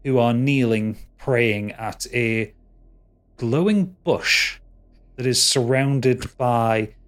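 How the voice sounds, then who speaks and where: A man runs a tabletop game and narrates the scenes. He pauses often and restarts his sentences, in an ordinary mid-range voice. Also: mid-range voice. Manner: hesitant, full of fillers and restarts. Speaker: game master.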